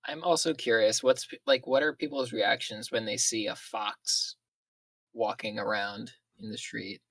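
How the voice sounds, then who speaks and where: A man playing a tabletop game, with wry, deadpan jokes. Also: fairly low pitch, a little slow, dry recording. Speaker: player. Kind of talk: casual banter at a tabletop game.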